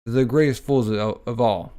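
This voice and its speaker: A man reading aloud the lines of a gruff, loyal, outspoken young street tough from a comic, in a plain delivery. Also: medium pitch, moderate pace, warm tone, lightly acted. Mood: solemn.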